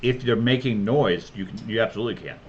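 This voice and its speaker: A man running a tabletop game as game master, narrating and giving rulings in a calm, measured way. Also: fairly low pitch, muffled recording, a little hiss or hum.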